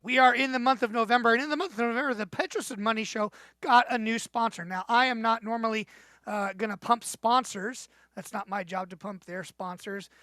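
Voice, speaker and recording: A man narrating a recap of radio show highlights in a dry, matter-of-fact way. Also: steady tone, a little fast, pushed and bright, no room sound. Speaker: recap host.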